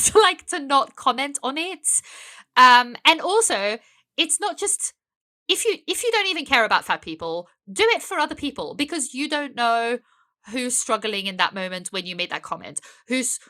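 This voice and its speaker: A woman's voice: medium pitch, pushed and bright. A young adult woman speaking as a podcast guest, earnest and emphatic, with many fillers and restarts. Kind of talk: casual conversational interview.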